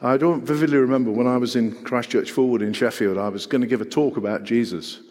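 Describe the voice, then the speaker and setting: A middle-aged man preaching a sermon, earnest and full of rhetorical questions, swinging between loud and hushed. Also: medium pitch, fast. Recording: long hall reverb.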